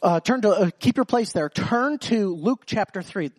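A man's voice: high-pitched, expressive, normal speed, a little mellow, no room sound. A man preaching a sermon, restarting phrases often and quoting scripture with emphasis. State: slight cough.

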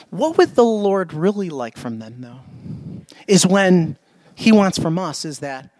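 A man with a high-pitched voice preaches to his congregation, stressing his points by repeating them. He keeps asking the listeners questions. The recording is dry and close. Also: dry recording. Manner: emphatic, repeats himself, asks the congregation questions. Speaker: pastor. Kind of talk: sermon. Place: church.

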